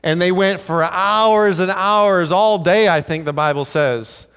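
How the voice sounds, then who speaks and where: A man's voice: sits high, unhurried, fairly bright tone, clean tone. A man preaching a sermon as a pastor in a church sanctuary, telling humorous stories with animation and acting out the lines he quotes. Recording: long reverb of a large hall.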